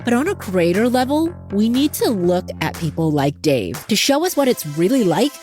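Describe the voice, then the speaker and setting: A woman hosting a podcast interview, lively and laughing often as she wraps up and speaks to listeners. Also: mid-range voice, normal speed, faint music behind. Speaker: podcast host. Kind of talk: casual interview chat.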